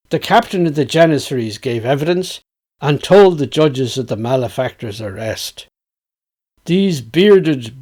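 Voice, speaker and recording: A man with a Dublin accent reciting a tale in a measured, storytelling manner. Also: on the high side, darkish tone.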